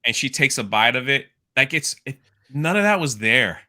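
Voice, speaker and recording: A man chatting casually on a podcast, retelling film scenes with animated impressions. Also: mid-range voice, moderate pace. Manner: animated storytelling, mimics movie lines. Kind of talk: casual chat.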